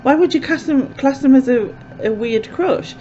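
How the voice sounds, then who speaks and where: A woman with a high, warm voice chats casually to the camera as a vlogger, talking at a normal pace and rambling with plenty of fillers. The dull, lo-fi recording carries a little hiss or hum.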